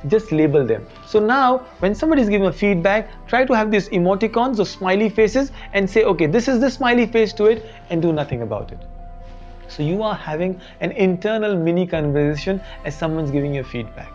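A man's voice: high-pitched, brisk. Guy hosting a motivational teaching talk, dull lo-fi sound, faint music under it. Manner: expressive, acts out quoted reactions, repeats key points. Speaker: host and teacher trainer.

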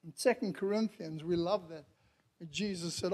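In his sermon, this missionary addresses the congregation and calls out to them, moving between hushed lines and loud cries and laughing often. He speaks at normal speed in a high voice.

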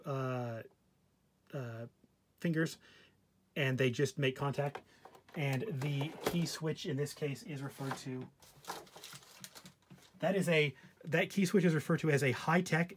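With a mid-range, slightly breathy voice, a man casually presents a vintage terminal on camera for his hobby vlog. He cracks jokes, leans on fillers, and now and then moves off the mic.

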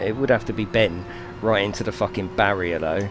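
A man's voice: on the low side, steady tone, moderate pace, hardly any pauses. A man commentating his own racing game on a live stream, swearing, apologising and giggling, with music playing behind him.

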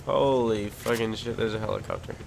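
A man commentating his own online shooter match, swearing constantly and quick to rage. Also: lowish voice, steady tone, gravelly. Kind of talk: casual gameplay commentary. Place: at home in front of a big TV. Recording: loud game gunfire and vehicle noise behind.

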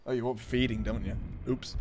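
A young man chatting excitedly through gameplay, joking and laughing at his own lines. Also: mid-range voice, a little hiss or hum. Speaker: gaming YouTuber. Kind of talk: casual gameplay commentary.

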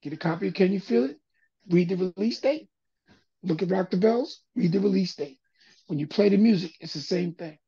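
Speaking a little fast in a high, breathy voice, this older male music producer is a guest in a relaxed interview. He spins lively stories and imitates the voices of the people he quotes, and the audio comes through muffled.

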